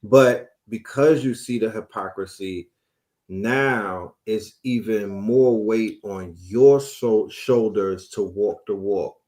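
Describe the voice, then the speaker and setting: A man on a panel, speaking in a forceful, preachy and streetwise way. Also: on the low side, slow pace. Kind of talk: panel discussion.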